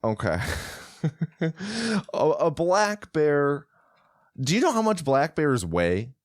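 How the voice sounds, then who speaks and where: A man's voice: a little high, very animated, slow, dry recording, studio quality. A man co-hosting a casual movie podcast, skeptically questioning his co-host. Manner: skeptical, questioning, laughs often.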